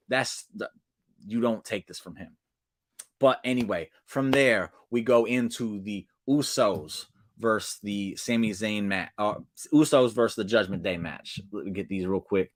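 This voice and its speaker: A man recapping a wrestling show in casual solo talk, excitable, swinging between loud bursts and quiet asides. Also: on the low side, normal speed. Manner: excitable, swings loud and soft, restarts often.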